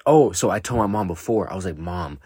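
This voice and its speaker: A man's voice: low-pitched, animated, fairly quick, mellow, husky, no echo, studio quality. A young man hosting his own podcast, telling a story in a loose, rambling way, laughing often and swearing freely. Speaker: podcast host. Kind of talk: casual solo podcast chat.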